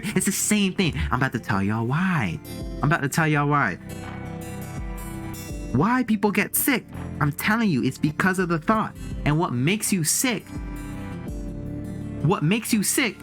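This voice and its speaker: A man's voice: a little high, fairly bright tone. A man giving a casual spiritual monologue as a streamer, emphatic and repetitive, chuckling between points. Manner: repetitive and emphatic, repeats key phrases. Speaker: streamer and vlogger.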